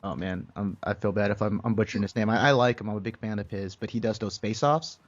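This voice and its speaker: A young man co-hosts a podcast, his lowish voice steady in tone and quick in pace. He's laid-back, rambling through casual chat, laughing often and using lots of fillers. The recording has a dull, lo-fi sound.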